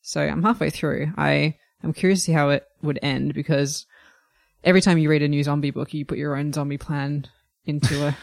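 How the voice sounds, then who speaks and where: A woman's voice: low-pitched, little pitch movement, a little fast, creaky, no room sound, studio quality. A young adult woman co-hosting a podcast, chatting casually with lots of fillers. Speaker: podcast co-host. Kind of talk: casual chat.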